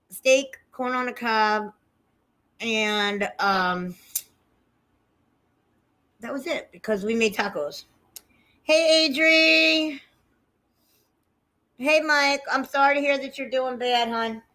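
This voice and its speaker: A woman's voice: sits high, slow pace, pauses often, bright, forceful tone. A woman hosting a casual livestream, chatty and profane, greeting viewers by name as she tells stories. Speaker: livestream host.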